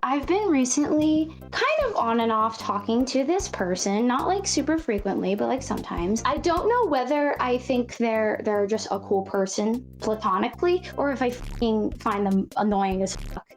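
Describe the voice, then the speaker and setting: A woman's voice: on the high side, animated, moderate pace, hardly any pauses, soft background music. A woman caller chatting casually, giggly and teasingly mocking. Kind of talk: casual chat.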